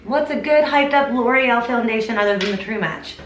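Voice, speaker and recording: With a slightly high voice and a somewhat quick pace, a young woman chats enthusiastically through a casual makeup review for her channel, calling her viewers "you guys." The recording is distant and a little off-mic, with room echo, faint hiss, and quiet music behind her.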